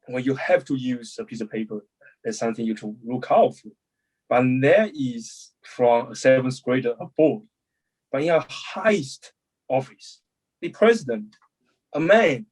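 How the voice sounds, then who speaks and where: Husky man hosting a speaking lesson. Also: mid-range voice, darkish tone, rough recording. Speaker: host of a public speaking channel. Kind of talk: explanatory talk.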